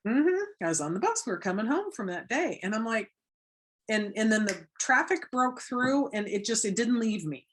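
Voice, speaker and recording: A woman from Florida, a guest on a talk show, telling her story in a lively way and acting out the voices of the people she quotes. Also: on the high side, normal speed, slight background noise. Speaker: guest, anti-trafficking educator. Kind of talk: casual interview talk.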